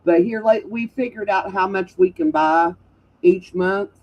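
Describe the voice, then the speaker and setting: A woman's voice: mid-range voice, unhurried, darkish tone. A woman chatting casually, rambling and restarting her sentences. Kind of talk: casual chat. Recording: slightly dull stream audio.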